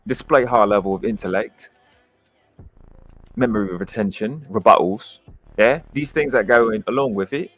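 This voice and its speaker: British guy ranting on his livestream, lowish voice, swears a lot, cocky, dry close sound. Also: normal speed, long pauses, fairly bright tone, no echo, faint music behind. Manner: brash, profane and boastful. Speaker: livestream host. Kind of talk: combative livestream commentary.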